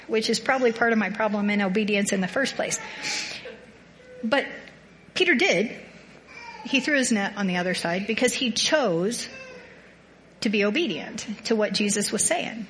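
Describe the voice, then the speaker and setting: A woman's voice: fairly high pitch, expressive, normal speed, long pauses, a bit bright, a little hiss or hum. A woman sharing a personal faith reflection in casual talk, rambling and self-deprecating, telling a story with animation. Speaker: small group participant sharing a reflection.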